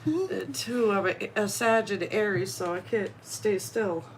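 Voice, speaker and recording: A woman co-hosting a live tarot reading as a guest reader. She talks in a giggly, quick, chatty way. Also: mid-range voice, a little hiss or hum, rough recording.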